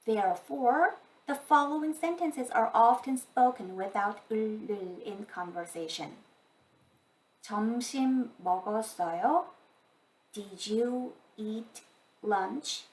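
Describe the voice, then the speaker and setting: Higher-voiced woman teaching grammar. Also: far from the mic, low-quality recording. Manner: slow, careful explanation. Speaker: language teacher. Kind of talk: scripted grammar lesson.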